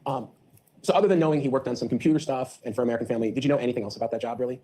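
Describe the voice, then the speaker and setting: A woman's voice: rumbling low, rapid-fire, dark tone, a little hiss or hum. A woman attorney questioning a witness in court, polite, with many hesitations. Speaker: trial attorney.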